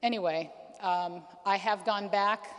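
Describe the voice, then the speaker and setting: In a reverberant conference hall, a speaker in her forties delivers an earnest testimony from her life. She speaks unhurriedly in a steady, mid-range voice, with plenty of ums and restarts.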